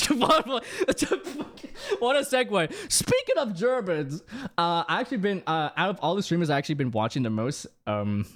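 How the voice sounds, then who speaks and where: A young man, a streamer chatting casually on a live stream, rambling with many restarts and fillers. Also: a little high.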